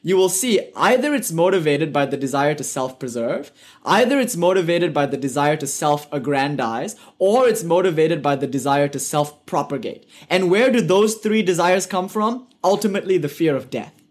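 British guy teaching spirituality online, bit higher voice, earnest, asks lots of rhetorical questions. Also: lively intonation, moderate pace. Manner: earnest, rhetorical questions, light joking asides. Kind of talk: live online lecture.

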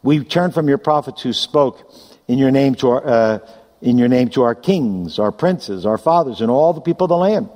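A man's voice: medium pitch, animated, moderate pace, warm tone. A man preaching a sermon, reading scripture aloud with emphatic delivery. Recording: long hall reverb.

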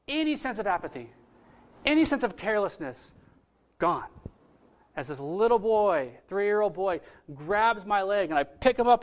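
A man, a pastor, telling a story in a sermon with lively, casual delivery that swings between loud bursts and hushed moments. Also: high-pitched, fairly quick.

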